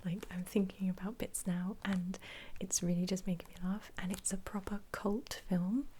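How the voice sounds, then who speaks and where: A young woman, an ASMR creator, whispering casually about her favourite films, giggling often and pausing on ums. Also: mid-range voice, steady tone, dark tone, slight background noise. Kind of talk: whispered ASMR film chat.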